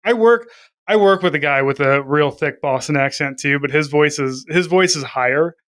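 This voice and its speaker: A man with a bright, tense and crisp voice chats casually as a podcast co-host. He rambles, jokes and swears freely, and his voice sits a little high for a man. The sound is close and dry. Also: normal speed, no room sound. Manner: profane, rambling, jokey.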